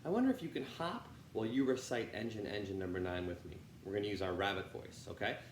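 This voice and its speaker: Upbeat, lively man teaching kids music. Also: fairly low pitch, quick pace. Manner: upbeat, encouraging, talks straight to the kids. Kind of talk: online children's music lesson. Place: music room. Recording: roomy with faint ambient noise.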